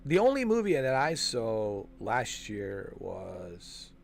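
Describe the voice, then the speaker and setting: Low-ish and creaky, this host's voice swoops wildly in pitch as he slowly chats through a game walkthrough, with a little hiss or hum in the background. He rambles with fillers like "man" and "dude," correcting himself while searching for names.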